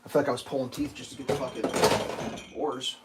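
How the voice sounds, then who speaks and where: A man's voice: mid-range voice, flat delivery, quick pace, very noisy. A young adult man chatting casually on a livestream, telling rambling, profane stories and acting out quoted voices. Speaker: livestream host. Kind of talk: casual live-stream chat.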